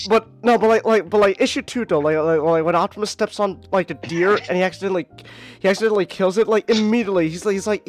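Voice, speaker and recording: A podcast host with a mid-range voice chats casually and rambles through comic reviews. He is animated, swears freely and relies heavily on filler words.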